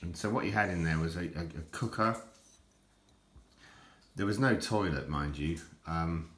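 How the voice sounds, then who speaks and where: Deep-voiced older man rambling in an echoey room. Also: a little slow, a bit bright. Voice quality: deep, self-described nappy voice. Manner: rambling, stammering repeats. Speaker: collector showing items. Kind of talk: casual rambling vlog.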